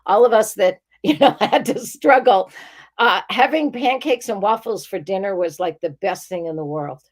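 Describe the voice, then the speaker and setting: A woman's voice: medium pitch, normal speed. An older woman from north of Boston with a Boston accent, a talk-show guest giving earnest, encouraging advice. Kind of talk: motivational casual chat.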